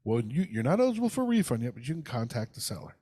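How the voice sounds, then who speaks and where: A man's voice: mid-range voice, very animated, racing, warm tone, husky, dry recording, studio quality. Angry profane man ranting on a podcast. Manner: heated, profane storytelling, acts out phone calls. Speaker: podcast co-host. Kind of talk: casual ranting podcast chat.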